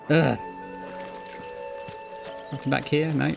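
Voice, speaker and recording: A man's voice: medium pitch, moderate pace, pauses often, soft background music. A man giving chatty, jokey gameplay commentary as a streamer, swearing now and then.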